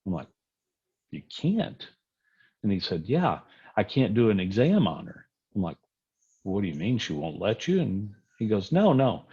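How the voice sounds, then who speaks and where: Low husky-voiced man telling clinical stories. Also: a little mellow. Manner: storytelling, acts out dialogue in anecdotes. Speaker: physician lecturer. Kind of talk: conversational medical lecture. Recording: dull lo-fi audio.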